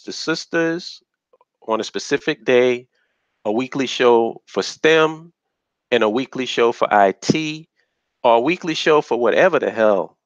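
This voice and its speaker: A man's voice: mid-range voice, fairly bright tone, no room sound, lo-fi sound. A man hosting a casual live stream, talking bluntly and rambling, with profanity, on a budget USB mic.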